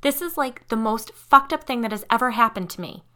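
A woman's voice: medium pitch, normal speed, close to an everyday voice. A woman voicing a brash teenage girl who blurts, hisses and swears when scared. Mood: freaked out. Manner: blurts and hisses, loud outbursts.

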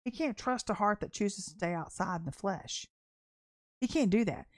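A woman's voice: medium pitch, animated, normal speed, no room sound. Woman preacher, talks straight and blunt, chatty sermon, dry close sound. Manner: blunt, conversational, emphatic.

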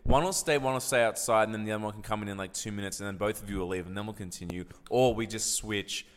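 Halting man, low voice, telling a rambling story in an echoey room. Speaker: podcast co-host. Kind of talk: casual comedic podcast chat.

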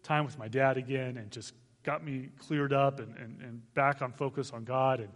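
A man in his forties from Arizona, a guest missionary speaker giving an animated testimony to a church, laughing as he tells it. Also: mid-range voice, moderate pace, long reverb tail. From Arizona, United States. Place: church sanctuary.

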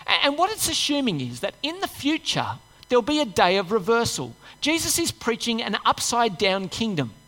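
Lively woman preaching in a reverberant hall. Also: on the high side, normal speed, few pauses, faint music behind. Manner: conversational, asks the congregation rhetorical questions. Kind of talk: sermon with Bible reading. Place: church. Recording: long church-hall reverb.

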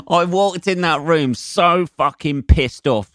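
A man's voice: a little high, slow pace, a bit bright, no echo, clean studio sound. A man hosting his own comedy podcast, ranting and swearing his way through a monologue. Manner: sweary, ranting, winds himself up.

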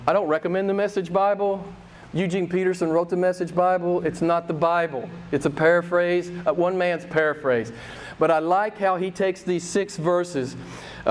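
A man preaching a sermon as pastor, emphatic and repeating key phrases for effect, lifting his voice to mimic the people he quotes. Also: a little mellow. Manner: mimics voices with raised pitch when quoting.

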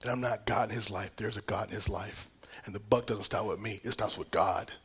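A middle-aged man preaching a sermon, telling a personal story with big swings from whispers to loud, laughing exclamations. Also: fairly low pitch, a little fast, slightly rough. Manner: animated storytelling, dropping to whispers and rising to near shouts.

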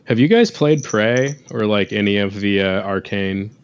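A man with a low voice trading profane jokes with friends. His mic sounds dull and muffled, and he laughs a lot as he talks. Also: normal speed, slight background noise. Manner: joking, profane, laughs often. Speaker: podcast co-host. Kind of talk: casual chat among friends.

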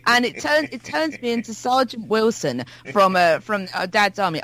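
A man's voice: extremely high pitch, very animated, moderate pace, sharp tone, rough recording. A man co-hosting a podcast, telling a wry story about music in a chatty way, with frequent restarts. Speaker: podcast co-host. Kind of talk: casual chat about music.

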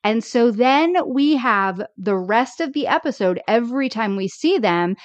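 A woman's voice: fairly high pitch, measured pace, no room sound, muffled recording. A woman co-hosting a podcast, chatting casually about old sitcom episodes and acting out characters' lines when she quotes them. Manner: animated, acts out characters' lines when quoting. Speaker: podcast co-host. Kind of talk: casual chat recapping TV episodes.

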